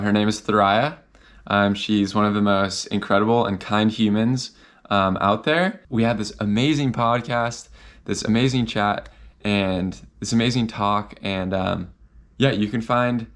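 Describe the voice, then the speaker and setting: A young man telling a personal story in a vlog, animated and full of fillers, acting out his own nervous inner voice. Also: on the low side. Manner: many fillers and restarts.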